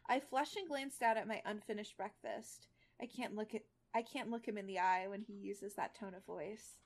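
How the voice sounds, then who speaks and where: A woman co-host reading a novel aloud with mocking drama and chatting casually, quick to laugh. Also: medium pitch.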